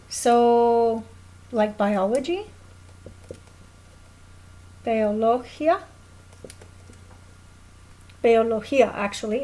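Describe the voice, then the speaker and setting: Slow, patient woman teacher. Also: fairly high pitch, darkish tone, poor audio. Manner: slow, patient, repeats and checks with "okay?". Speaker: Spanish teacher. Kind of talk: recorded classroom lesson.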